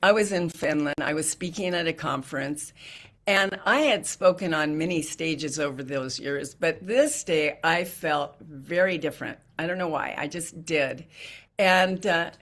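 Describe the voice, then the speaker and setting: A woman's voice: deep voice, unhurried. A middle-aged woman giving a heartfelt storytelling talk as an inspirational speaker. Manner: earnest, heartfelt, softening to hushed.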